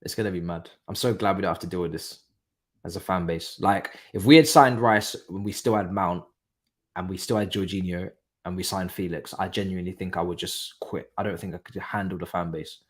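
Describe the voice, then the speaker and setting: A young man hosting a live football watchalong, talking casually and breaking into excited exclamations. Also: low voice, fairly quick. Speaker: watchalong host. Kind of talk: live match watchalong commentary.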